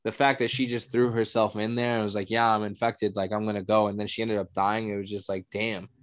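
A man co-hosting a casual review show in a relaxed, easygoing way. He swears now and then and acts out what people said. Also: fairly low pitch, a little fast. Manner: laid-back, swears, quotes people. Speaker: podcast co-host.

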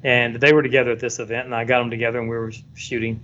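A man working as a photographer, telling a story in a casual, animated way and acting out the voices of the people in it. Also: mid-range voice, racing. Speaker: photographer guest. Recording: dull lo-fi sound, faint background noise.

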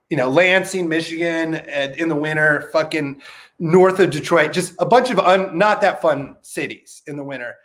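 A man with a high voice talks in a loose, rambling way, swearing freely and padding his stories with "like" and "uh". He sounds like a guest on a casual podcast chat. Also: a bit bright. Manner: rambling, profane storytelling with lots of fillers.

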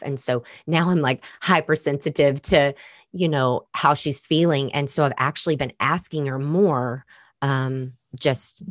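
A woman in her thirties, a mother, telling a personal story in casual chat, earnest and animated, with many fillers. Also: low voice, unhurried, dry recording, studio quality.

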